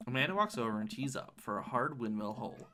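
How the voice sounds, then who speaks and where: A man's voice: medium pitch, animated, quick pace, bright, forceful tone. A man on a livestream, playfully reading game dialogue and narration aloud with dramatic asides. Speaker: streamer. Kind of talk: let's play commentary and reading game text.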